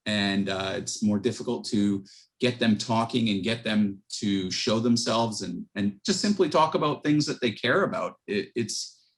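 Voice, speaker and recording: A man's voice: on the low side, measured pace. A man reporting back from a group discussion in an online class, hesitant with many fillers. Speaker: student. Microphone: video call.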